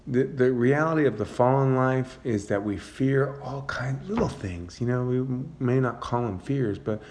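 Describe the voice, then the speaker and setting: A man leading an informal Bible study, reading psalms aloud and explaining them in a relaxed, searching way. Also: mid-range voice, unhurried, slight background noise. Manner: reads psalm passages aloud, then comments in a relaxed, searching way with fillers. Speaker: Bible teacher.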